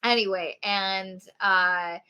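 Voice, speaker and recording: A woman's voice: mid-range voice, fairly even intonation, slow, bright, forceful tone, clean tone. A woman co-hosting a podcast, casually retelling a novel's plot and acting out the characters' lines. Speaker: podcast co-host. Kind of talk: casual book review chat.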